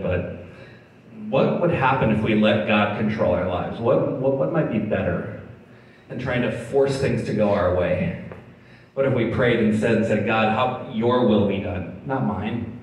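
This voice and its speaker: A man's voice: on the low side, a little slow. A man pastor preaching a sermon in a conversational way, with laughing asides, in a church hall. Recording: very echoey hall, distant mic.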